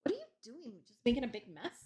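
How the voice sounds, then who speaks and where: A woman's voice: on the high side, wildly swooping pitch, fast, darkish tone, reverberant. A woman co-hosting a casual cooking podcast at home, chatty and teasing. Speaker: podcast co-host. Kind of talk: casual chat while cooking. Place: home kitchen.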